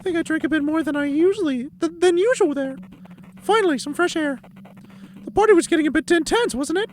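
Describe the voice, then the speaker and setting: A man voicing an anxious, overachieving female student in a high put-on voice, reading game dialogue aloud. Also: brisk, darkish tone, a little hiss or hum. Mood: tipsy relaxed.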